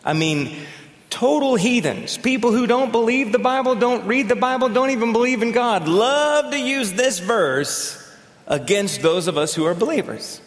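A man's voice: very high-pitched, lively intonation, moderate pace. A man preaching a sermon as pastor, talking in a conversational way and telling stories. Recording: echoey hall with long reverb.

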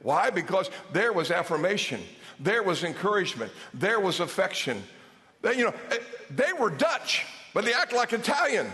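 Older man, pastor, high voice; lively storytelling sermon, echoing church hall. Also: moderate pace. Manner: animated, humorous storytelling with repeated phrases. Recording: long hall reverb.

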